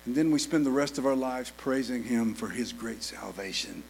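A man preaching a sermon, repeating phrases and building to loud, emphatic calls with frequent "uh" fillers. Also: mid-range voice, normal speed, vocal fry, a little hiss or hum.

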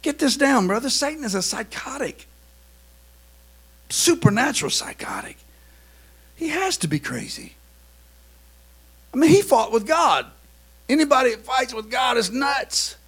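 A man preaching a sermon, swinging between quiet, confiding talk and loud, shouted preaching. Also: sits high, sing-song, normal speed, long pauses, slightly rough.

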